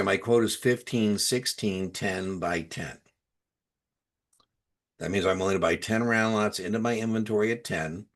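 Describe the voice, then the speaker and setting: A man tutoring students for a securities exam, mixing explanations with casual anecdotes and dropping his voice for asides. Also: low voice. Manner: storytelling, conversational, drops to quiet asides.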